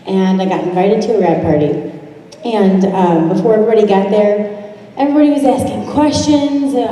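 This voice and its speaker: A woman's voice: medium pitch, dark tone, a little hiss or hum. A woman in her twenties giving a chatty testimony to a crowd, often acting out what others said. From Toledo, Ohio area. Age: 20s. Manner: chatty, quick asides, acts out quoted voices. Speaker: guest speaker telling her story. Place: large event room. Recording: echoey hall heard from far off.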